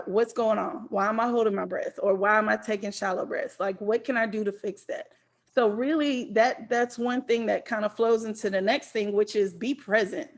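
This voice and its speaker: A woman giving a casual motivational talk at a wellness conference, chatty and down to earth, sometimes acting out anxious voices. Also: on the high side. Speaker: conference speaker.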